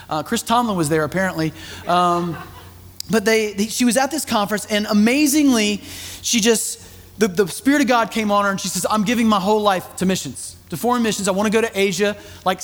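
High-pitched guy preaching, chatty storytelling, big echoey church. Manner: conversational storytelling, animated asides. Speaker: pastor. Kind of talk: sermon.

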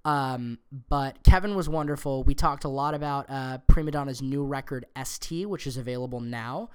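A young man hosts a casual podcast while hoarse and a bit sniffly from a cold. His rough, raspy voice still has a smooth, resonant core. He rambles and fills his pauses with ums. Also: mid-range voice, darkish tone. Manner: rambling, filler-heavy. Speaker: podcast host.

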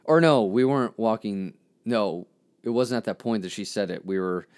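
A man telling a candid personal story as a podcast host, halting and reflective, often restarting his sentences. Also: fairly low pitch, darkish tone. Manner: frank, self-critical.

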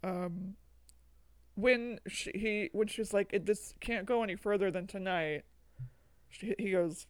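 A woman co-hosting a podcast, talking in an animated, rambling way and swearing freely. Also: mid-range voice, measured pace, clear, resonant tone, no echo. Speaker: podcast co-host. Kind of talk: casual chat.

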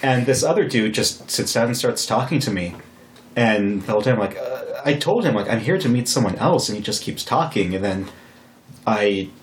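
A young man hosting a casual podcast chat, talking in a relaxed, slightly halting way. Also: fairly low pitch. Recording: roomy echo with faint noise.

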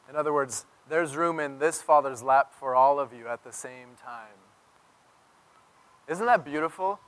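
A man preaching a sermon as pastor, telling stories and swinging from loud emphasis to near-whisper. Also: a little high.

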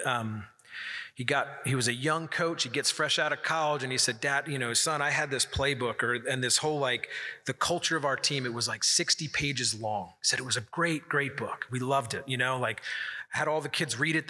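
A man's voice: mid-range voice, fairly quick, bright, forceful tone. A man giving an earnest, conversational sermon, telling stories from the pulpit. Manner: earnest, conversational preaching with storytelling. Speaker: pastor. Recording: long hall reverb.

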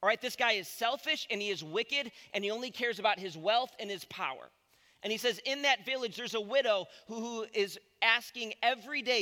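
A man in his thirties preaching a sermon with a high, bright, forceful voice. He tells stories animatedly and acts out the voices of the people in them. His words ring out with a long reverb through a large church hall. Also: brisk. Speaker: pastor.

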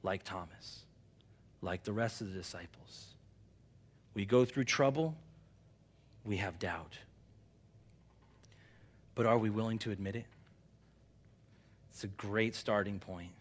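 A man preaching a sermon in an animated, conversational way, dropping quiet for emphasis. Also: on the low side, slow pace, long pauses. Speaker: pastor.

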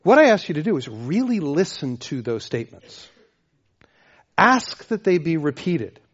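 A man preaching a sermon as pastor, emphatic, repeating phrases and swinging between loud and soft. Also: a little high, very animated, a little slow, breathy edge, highs cut off. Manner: emphatic, repeats phrases, varies loudness widely.

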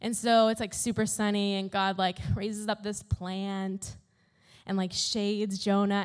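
A young woman telling a Bible story to a youth group in a casual, animated way, full of "like" and "literally". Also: medium pitch, unhurried. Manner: animated, chatty, fills talk with "like" and "literally".

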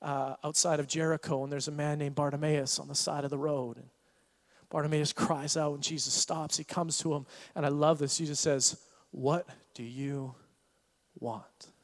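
Animated high-voiced male preacher. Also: a little fast, big-room sound. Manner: animated, acts out the voices of Bible figures. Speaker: pastor. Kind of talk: sermon.

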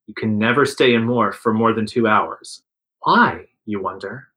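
A man's voice: fairly low pitch, unhurried, bright, forceful tone, rough recording. A man reading a second-person adventure story aloud to friends, voicing the quotes with some liveliness. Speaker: narrator reading an interactive story.

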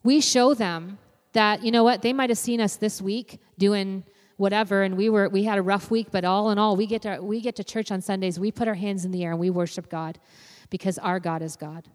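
A woman's voice: mid-range voice, fairly even intonation, brisk, few pauses. Young woman, youth minister type, casual sermon delivery heavy on fillers; recorded in a church with long echo. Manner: conversational, frequent "you know" fillers. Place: church sanctuary. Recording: long reverb of a church hall.

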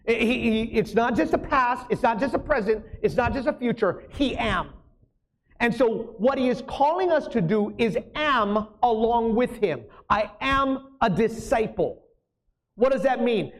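A man as pastor preaching a sermon, emphatic, often asking the congregation questions. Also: very high voice.

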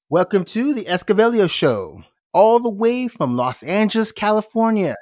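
A man hosting a podcast with high energy, firing rhetorical questions at his listeners. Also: very animated, normal speed, a little mellow, no room sound. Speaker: podcast host. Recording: dull, dry lo-fi sound.

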